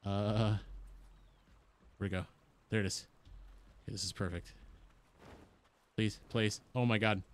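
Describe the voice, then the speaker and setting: A man streaming a game live while high, giving excitable, rambling commentary, swearing and talking to the creatures and his chat. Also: unhurried, pauses often.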